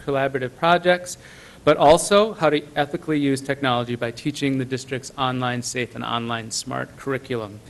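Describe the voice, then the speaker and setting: A man's voice: mid-range voice, rough recording. A man who coordinates technology for the schools, earnestly reading a tribute to teachers into the record with many small fillers. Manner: earnest, many ums and uhs.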